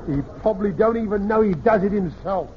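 A pompous, blustering schemer. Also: male voice, high-pitched, heavy background noise. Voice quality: pompous, theatrical, hammy. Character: blustering scheming cadging older father. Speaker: scheming father. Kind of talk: vintage radio sitcom acting. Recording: dull lo-fi vintage radio recording.

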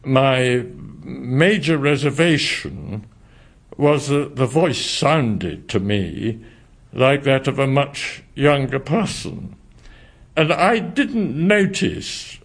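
A man, a historian, answering interview questions in a thoughtful, formal, slightly hesitant way. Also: mid-range voice.

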